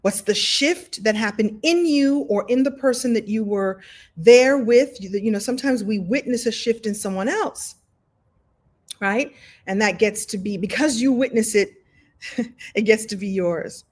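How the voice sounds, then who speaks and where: A woman teaching a live online storytelling workshop, talking in an animated, conversational way with many repetitions. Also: a little high, a little slow. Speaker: story coach. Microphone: video call.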